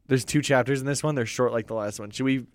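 A man's voice: mid-range voice, steady tone, dry recording. Laughing man reading aloud, dry sound. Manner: quick, laughing, stumbles over words. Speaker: co-host. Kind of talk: casual chat reading fan fiction aloud.

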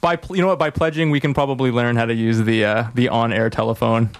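A woman's voice: very deep voice, steady tone, quick pace, no room sound. A woman co-hosting a radio show, bubbly and enthusiastic. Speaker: radio host. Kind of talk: casual radio chat.

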